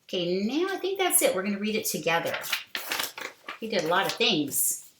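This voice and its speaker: A woman teaching a kindergarten reading lesson, reading a simple book aloud slowly and deliberately for young children to follow. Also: medium pitch, big pitch swings, echoey room, background noise.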